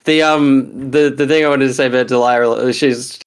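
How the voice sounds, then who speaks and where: A man with a middle-pitched voice in casual podcast banter. He jokes, laughs often and quotes characters in playful mock voices. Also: steady tone, moderate pace, clear, resonant tone, rough recording. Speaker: podcast co-host. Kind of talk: casual comic book discussion.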